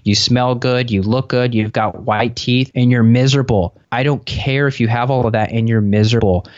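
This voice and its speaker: A man who is a podcast guest, telling long, reflective stories in an earnest, relaxed conversational way over a remote call. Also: medium pitch, normal speed, no room sound, lo-fi sound.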